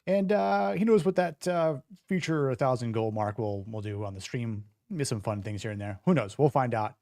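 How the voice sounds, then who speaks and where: A man's voice: medium pitch, expressive, moderate pace, warm tone, no room sound, clean studio sound. Rambling young male podcast host. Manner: rambling, many fillers and restarts. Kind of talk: casual livestream chat.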